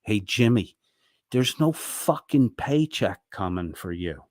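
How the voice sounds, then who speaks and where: Angry male streamer, low and dry, berating rant full of swearing. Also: lively intonation, slow pace, a little mellow, dry recording. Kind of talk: ranting monologue.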